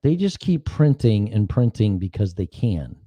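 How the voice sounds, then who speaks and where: This podcast host has a fairly low, warm voice with big pitch swings and a measured pace, recorded with no room sound. Alone on a casual livestream, he rambles, gets sarcastic, swears a lot and darts from one subject to another.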